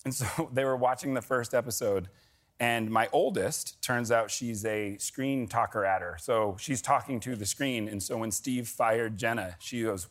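A man in his forties, a talk show guest, telling animated stories and acting out the voices of people in them. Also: medium pitch, normal speed. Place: TV studio with audience. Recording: studio with audience noise.

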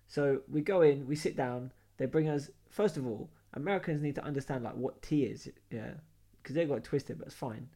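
A man with a London accent, co-hosting a podcast, telling animated, slangy travel stories in casual chat. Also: medium pitch, a little fast. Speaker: podcast co-host.

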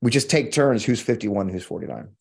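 A man's voice: on the low side, animated, brisk, creaky, a little mellow, breathy edge. A middle-aged American man hosting a podcast, delivering heated, profane political commentary with emphatic repetition. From United States. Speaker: podcast host.

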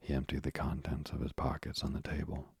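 A man narrating a novel as an audiobook, in a steady, even storytelling voice. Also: fairly quick, no room sound, clean studio sound. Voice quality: deep gravelly husky voice. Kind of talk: scripted narration.

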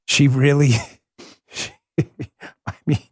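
A man hosting a political commentary show, talking fast and fired-up with sarcastic asides and frequent laughs. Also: a little high, flat delivery, darkish tone, husky, dry recording, clean studio sound. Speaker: podcast host.

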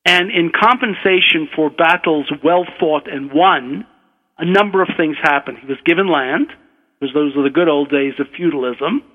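An older man from Brooklyn, a physician and author, telling a relaxed, wry anecdote. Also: a little high, moderate pace. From Brooklyn, USA. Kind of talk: anecdotal storytelling. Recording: dull radio broadcast, long reverb.

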